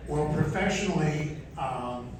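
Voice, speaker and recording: An older man, a guest on a convention panel, telling stories from his career in a slow, chuckling, self-deprecating way, a little out of breath. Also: fairly high pitch. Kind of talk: convention Q&A storytelling. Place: large convention hall. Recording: echoey hall, distant mic, noisy.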